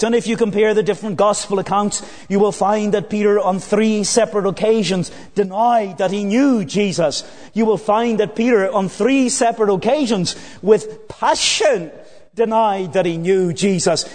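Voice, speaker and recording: A man preaching an evening sermon in a church, earnest, slowing down and dropping low on key phrases. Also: a little mellow. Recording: long church hall reverb.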